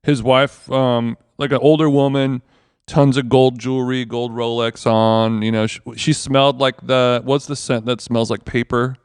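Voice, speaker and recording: A man's voice: mid-range voice, level tone, normal speed, clear, resonant tone, dry recording, clean studio sound. A man co-hosting a podcast, rambling through a casual story and swearing freely. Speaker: podcast co-host. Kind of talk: casual chat. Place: basement of a villa.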